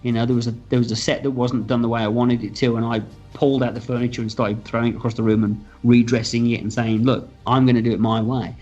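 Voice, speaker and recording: Male film director, mid-pitched, chatty anecdotal interview, a bit dull-sounding audio with faint music behind. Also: fast. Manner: animated, acts out quotes in raised pitch, swears freely. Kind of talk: casual interview storytelling.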